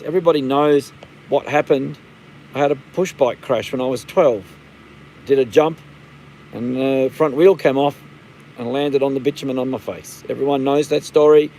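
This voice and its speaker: A man's voice: medium pitch, warm tone, slight background noise, rough recording. An Australian man in his fifties hosting a casual live stream, rambling and blunt, swearing freely. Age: 50s. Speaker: livestream host.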